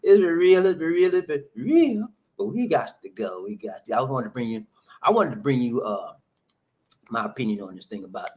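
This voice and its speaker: Lively, animated man chatting to viewers. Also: on the low side. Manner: animated, laughs often, reads comments aloud and replies. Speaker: livestream host reading viewer comments. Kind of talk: casual livestream chat.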